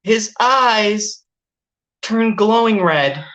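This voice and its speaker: A woman's voice: drawn-out words, dull audio. A woman hosting a casual movie review chat, ranting and swearing in exasperation. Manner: exasperated, swearing, ranting with animated pitch jumps.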